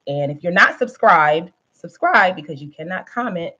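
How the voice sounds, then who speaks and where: A woman's voice: fairly low pitch, lively intonation, moderate pace, sharp tone, lo-fi sound. A woman hosting a live stream, chatting casually with viewers in a rambling way, with lots of fillers and frequent laughs. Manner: laughs often while talking.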